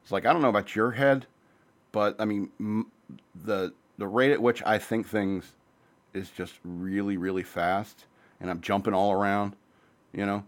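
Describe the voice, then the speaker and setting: Low-voiced man rambling casually as host. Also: steady tone. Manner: rambling, profane, jumps between topics; says he talks fast. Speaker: podcast host.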